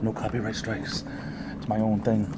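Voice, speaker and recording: A man's voice: lowish voice, monotone, moderate pace, very noisy. A man from the East Coast chatting casually on a livestream while he walks around at work, rambling and answering his viewers. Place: large building at work, walking around.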